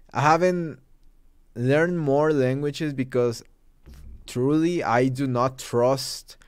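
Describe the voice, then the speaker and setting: A man's voice: medium pitch, a little mellow, clear, resonant tone, no echo, studio quality. A Mexican man speaking English as a second language, hosting his own channel with emphatic, conversational opinion commentary full of asides. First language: Spanish. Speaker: host.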